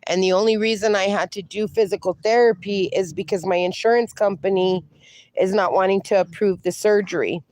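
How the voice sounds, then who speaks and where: A woman's voice: medium pitch, steady tone, brisk, darkish tone. A woman livestreaming in a casual, chatty way, reading viewer comments aloud and calling viewers darling. She is in some pain and sounds slightly strained. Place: outdoors.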